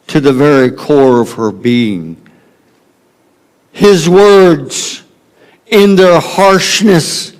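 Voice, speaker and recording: Southern US male pastor, slow dramatic sermon delivery, emphatic then hushed. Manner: dramatic, swings from loud emphasis to hushed low tones.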